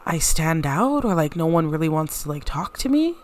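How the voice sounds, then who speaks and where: A woman's voice: low-pitched, very animated, moderate pace, slight background noise. A woman voicing a shy, uneasy young male college student in a life-sim game, hesitant and shrugging in her near-own voice. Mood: awkward.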